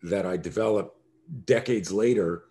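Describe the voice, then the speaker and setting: Animated man telling a story, low voice. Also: moderate pace. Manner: animated storyteller who acts out scenes. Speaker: guest, self-defense expert. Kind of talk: storytelling in a podcast conversation.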